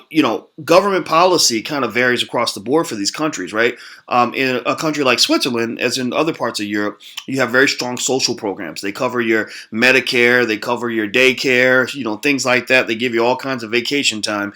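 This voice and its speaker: An American man hosts his own channel, talking casually to the camera at a fairly quick clip. His medium-pitched voice is bright and forceful, and he rambles with plenty of "uh," "um," and restarts.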